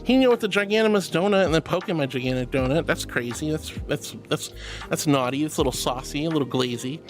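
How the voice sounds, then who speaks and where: A woman's voice: deep voice, quick pace, over music. A woman streamer in a casual live-stream chat, bubbly and affectionate, reading chat messages aloud and calling viewers sweetie and honey.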